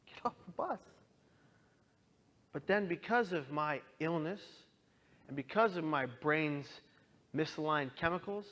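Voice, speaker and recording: An earnest man in his thirties tells his own story in a talk, with a fairly high voice. His delivery is emotional, and he voices the people he remembers. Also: fairly bright tone, lo-fi sound. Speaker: speaker. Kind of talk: personal testimony talk.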